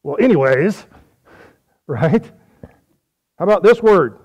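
A man's voice: high voice, expressive, takes it slowly, a little mellow, husky, dull audio. A man preaching a folksy sermon, quizzing his audience on how they say words.

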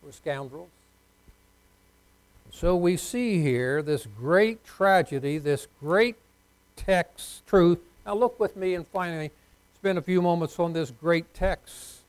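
A man delivers a sermon in a voice pitched a little high for a man. He leads the congregation in call-and-response and swings from soft, low asides to loud, emphatic lines. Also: slow, smooth, rough recording. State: unwell. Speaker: preacher.

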